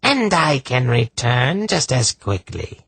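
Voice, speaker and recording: A harsh, gravelly sorceress, put on by a male audiobook narrator, speaking through a possessed queen in a peculiar accent. Her raspy, breathy voice drawls slowly and swoops wide as she taunts in archaic speech, close and dry. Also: mid-range voice, big pitch swings, fairly bright tone, no room sound, voice pushed up, full character voice. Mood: menacing taunt. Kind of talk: audiobook reading.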